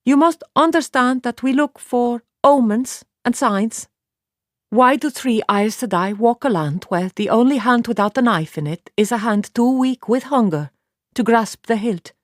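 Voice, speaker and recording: A woman's voice: on the high side, dry recording, studio quality, voice pushed up, lightly acted. A woman reading an audiobook, voicing a blunt, matter-of-fact young warrior woman in a raised voice. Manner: plain, measured, matter-of-fact.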